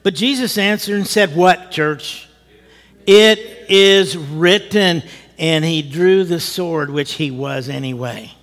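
A male pastor telling a story in a sermon, lively and animated, acting out what people said and chuckling as he goes. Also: fairly high pitch, unhurried, few pauses, long reverb tail. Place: church.

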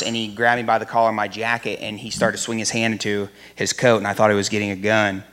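Bright-voiced man telling a lively story. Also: mid-range voice, fast. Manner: animated, acts out voices, laughs in places. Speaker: church member telling a testimony. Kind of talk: personal storytelling.

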